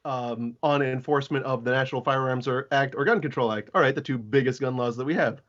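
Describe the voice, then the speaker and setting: A man talking as a legal expert guest on a podcast, sarcastic and animated, acting out quotes as he explains. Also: medium pitch, quick pace, few pauses, dull audio. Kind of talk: casual podcast discussion.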